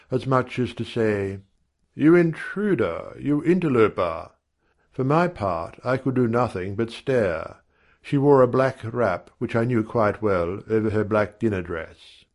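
A man narrates a first-person story with measured, wry timing. His voice sits on the low side.

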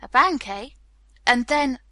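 A stern male police captain who fires off hard questions and won't let up, read by a woman. The voice sits a little high and bright, recorded close and dry with no room around it. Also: expressive, slow pace, no room sound, full character voice.

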